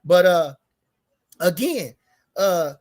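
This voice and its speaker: Man, high voice, speech, rambling boxing chat, repeats himself, heated. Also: lively intonation, extremely slow, a little mellow. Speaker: boxing commentary show host. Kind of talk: casual unscripted boxing talk.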